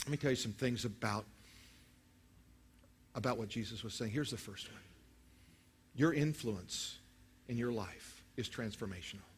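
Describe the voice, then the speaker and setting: A male pastor preaching a sermon to his church. He swings between loud, emphatic passages and low, hushed prayer, and leads the congregation in saying prayers aloud. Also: moderate pace, long pauses, a little hiss or hum.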